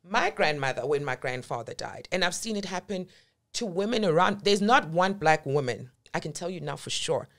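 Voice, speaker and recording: A woman's voice: on the low side, animated, moderate pace. A woman, a podcast guest telling her story in a blunt, emphatic way and swearing freely. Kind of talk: candid conversational storytelling.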